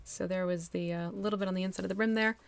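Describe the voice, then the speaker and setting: A woman's voice: medium pitch, fairly even intonation, fast talker, gravelly, clear, resonant tone. A woman from northwestern New Jersey with a local accent, chatting casually and laughing easily as she demonstrates miniature painting on a live stream. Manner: chatty, laughs easily, thinks aloud while working.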